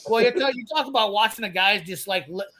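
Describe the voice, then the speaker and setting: A man's voice: high voice, animated, fast talker, heavy background noise. A man, ranting profanely and bluntly as he tells a work story in casual chat. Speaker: host telling a work story.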